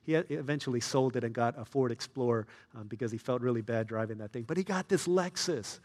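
Male pastor, mid-pitched, lively storyteller, soft to loud. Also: fast talker, hardly any pauses, big-room sound. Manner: storytelling, swings between soft and loud, excited. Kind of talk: sermon.

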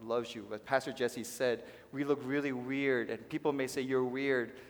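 A pastor preaching a sermon to his congregation, swinging from hushed to loud and addressing the listeners directly. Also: mid-range voice, steady tone, normal speed. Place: church sanctuary. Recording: long reverb of a large hall.

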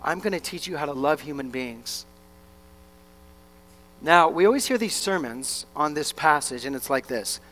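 A young man preaching a sermon as pastor, animated and acting out the voices of his listeners and of Jesus. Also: fairly high pitch, moderate pace, pauses often.

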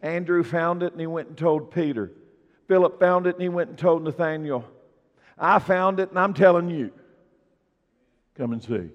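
A man's voice: fairly high pitch, normal speed, long pauses. A man preaching a sermon as pastor to his church, emphatic and building in force on key points. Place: church sanctuary. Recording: dull, echoey church hall recording.

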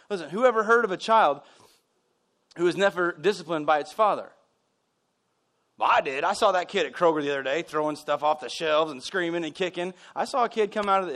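A man preaching a conversational sermon, telling stories and making asides as a pastor. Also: a little high. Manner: conversational, animated storytelling with asides.

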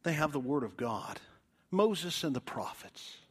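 A male preacher giving a dramatic evangelistic sermon in a church, swinging from loud appeals to hushed whispers. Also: a little high, sing-song, unhurried, slightly rough.

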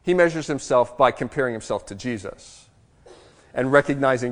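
A man preaching a sermon to a congregation in a conversational, animated way, with self-deprecating asides. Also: mid-range voice, normal speed, big-room sound. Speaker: pastor.

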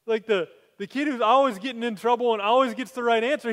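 A man preaching a sermon, telling stories with animated energy that climbs to excited peaks. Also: very high voice, fast talker, hardly any pauses. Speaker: pastor. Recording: long hall reverb.

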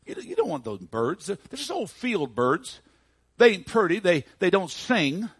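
Man putting on a high, loud bratty boy. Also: expressive, a little fast, dry recording, clean studio sound. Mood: incredulous. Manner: boastful, high-pitched and loud. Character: cocky cruel young boy with birds.

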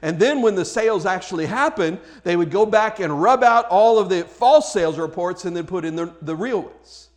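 Fervent high-voiced male preacher. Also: expressive, normal speed, hardly any pauses. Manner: fervent, emphatic, with frequent restarts. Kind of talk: sermon.

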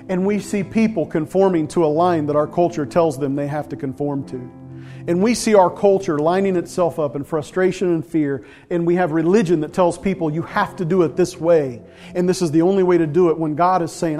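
A man preaching from the pulpit in a high voice, telling a story in animated bursts that drop to near whispers. Soft music plays faintly underneath. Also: moderate pace. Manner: animated, swings from loud to hushed. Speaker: pastor. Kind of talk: storytelling sermon.

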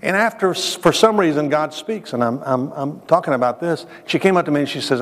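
A man's voice: a little high, animated, a little fast, a bit bright. A man giving an earnest, emphatic sermon-style testimony and addressing listeners directly. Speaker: speaker. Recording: long hall reverb.

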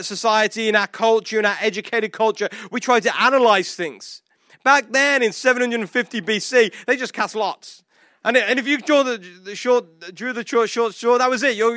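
A man preaching in a fairly high voice, telling a scripture story with playful acted-out lines. He leans on casual fillers like "like" and "you know". The sound is dry and close, with no room echo. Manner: animated storytelling, acts out quotes, frequent "like". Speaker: pastor. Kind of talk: sermon.

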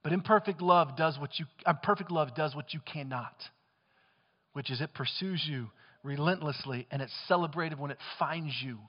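A man preaching a sermon as pastor, impassioned, swinging between loud bursts and hushed lines. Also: fairly high pitch, normal speed, long reverb tail, lo-fi sound.

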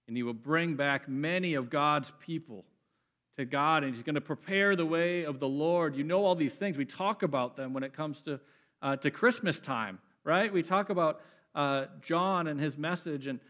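A man preaching a sermon, animated and emphatic, often repeating words as he builds up. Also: on the high side, moderate pace. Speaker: pastor.

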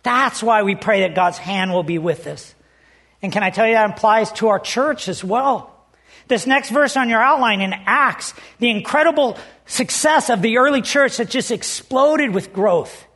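A man's voice: high voice, normal speed, bright, forceful tone. A man preaching a sermon as pastor, telling stories in an earnest, conversational way.

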